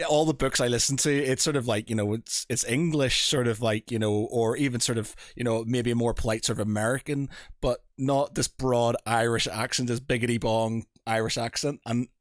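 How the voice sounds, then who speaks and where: A man hosting a podcast who chats casually and rambles, often stopping to hunt for a name and swearing under his breath. His pitch is middling. The sound is dry and close, with no room echo. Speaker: podcast host.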